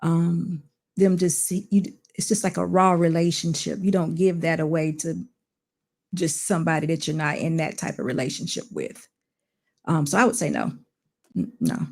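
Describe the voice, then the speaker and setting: Gravelly voice, measured, hesitant, casual panel talk. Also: medium pitch, a little mellow.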